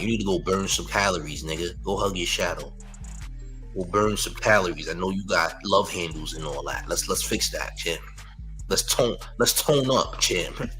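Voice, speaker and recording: A man's voice: lowish voice, pushed and bright, rough recording. A man hosting a live-stream news show, mocking a critic in loose slangy commentary and leaning on "champ" and "you heard".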